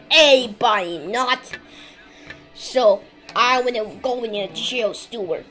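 Slow, high-pitched woman playing with toys. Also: soft background music. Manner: broken English, slow and animated, scolding and squealing. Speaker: toy play narrator. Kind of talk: playful toy play with minion figures.

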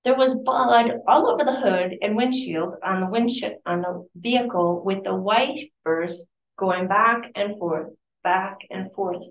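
A woman speaks at a library event, reading passages from a memoir between casual asides and often correcting herself mid-sentence. Her voice sits at a medium pitch and she takes her time. The audio is far-off, echoey and muffled.

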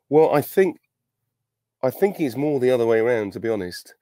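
A man's voice: mid-range voice, lively intonation, normal speed, warm tone, no echo. Man, middle-aged, chatty, self-deprecating, thinks aloud, video call, dry sound. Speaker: actor answering fan questions. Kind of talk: virtual Q&A panel.

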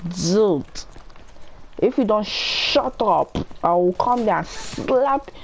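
A woman's voice: medium pitch, lively intonation, takes it slowly, a little hiss or hum. A woman with a Nigerian accent trash-talking in game voice chat, scolding and repeating herself. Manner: scolding, repetitive, threatening to slap. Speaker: gamer in voice chat.

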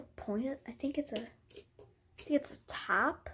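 A woman's voice: on the high side, unhurried, a bit bright, slight background noise. A woman vlogger chatting casually at home while showing off her collection, rambling and apologizing often, sometimes dropping to a whisper. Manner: rambling, apologetic, self-deprecating; drops into whispers at times. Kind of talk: casual show-and-tell vlog.

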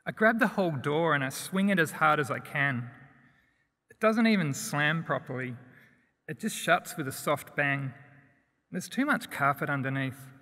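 Male storyteller, higher voice, reverberant room. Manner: plain, steady storytelling. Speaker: narrator. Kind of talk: first-person story reading. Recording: long hall reverb.

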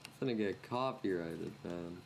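A man's voice: low-pitched, normal speed, creaky, crowd noise. Young man joking through a let's play. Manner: joking, teasing banter. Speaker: gaming YouTuber. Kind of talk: casual let's-play commentary. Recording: noisy gameplay capture.

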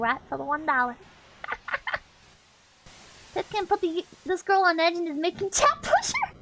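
A woman's voice: very high-pitched, very animated, a little slow, pauses often, background noise. A woman streamer giving casual, brash game commentary, swearing often and laughing a lot.

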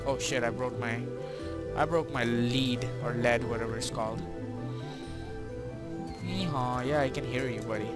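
A young man giving excitable gameplay commentary, talking to himself and to his in-game horse. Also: mid-range voice, moderate pace, long pauses, loud music behind the voice. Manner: excitable, talks to himself and his horse, frequent mild swearing. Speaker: gaming video creator.

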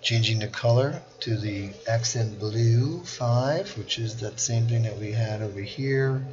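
A man teaching a software class, walking through each click step by step in a screen-recorded tutorial. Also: medium pitch, a little slow, muffled recording, a little hiss or hum. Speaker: instructor.

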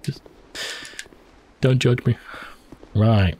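A man's voice: medium pitch, wildly swooping pitch, takes it slowly, long pauses, breathy edge. A man hosting a let's play, giving profane, reactive commentary and thinking aloud as he plays. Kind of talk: live gameplay commentary.

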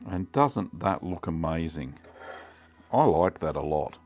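A middle-aged Australian man hosting a casual cooking vlog, chatty and relaxed with many ums. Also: deep voice, unhurried, soft background music. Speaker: cheesemaking channel host.

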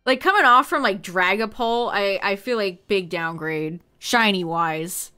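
A woman's voice: mid-range voice, lively intonation, a little slow, sharp tone, clean tone, soft background music. A woman streaming a game and chatting casually with her viewers, laughing often. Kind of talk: casual live-stream chat.

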